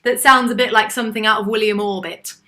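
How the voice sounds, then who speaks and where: A woman leading an online choir warm-up over a video call, encouraging the singers and demonstrating each sigh and call herself. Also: mid-range voice, fairly even intonation, fast talker. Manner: encouraging, demonstrates vocal calls and sighs. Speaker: choir leader.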